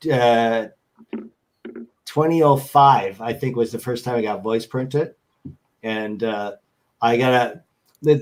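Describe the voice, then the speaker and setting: A man chatting as a guest on a show, rambling and joking as he tells stories over a video call. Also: medium pitch. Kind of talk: casual chat.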